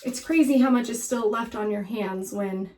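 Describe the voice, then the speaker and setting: A woman's voice: on the high side, normal speed, darkish tone, recorded from a distance, poor audio. A woman giving a casual hair-washing how-to in her shower, chatty and instructive with frequent fillers, a little out of breath. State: slightly out of breath. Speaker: hair care vlogger. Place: bathroom shower. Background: running water.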